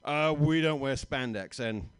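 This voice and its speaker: A man's voice: mid-range voice, unhurried, smooth. A man from Britain with a British accent, performing a stand-up comedy set in a small bar, dry and self-mocking with stammering restarts.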